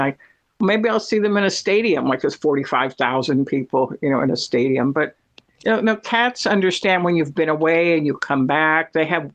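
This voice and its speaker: Woman, middle-aged, casual chat, animated storytelling, frequent laughter. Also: a bass voice. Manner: chatty, animated storyteller who laughs often. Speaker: cat owner telling a story.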